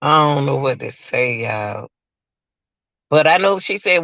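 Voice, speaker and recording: A man's voice: medium pitch, animated, measured pace, gravelly, sharp tone, no echo, muffled recording. A man giving emotional, repetitive livestream commentary, talking straight to his viewers.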